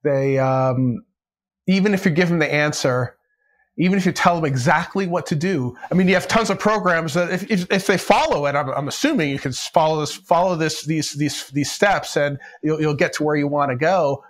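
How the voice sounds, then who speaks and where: A man's voice: on the high side, moderate pace. A man hosting a podcast, chatting casually and building on his guest's points. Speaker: podcast host and real estate coach. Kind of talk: casual interview chat.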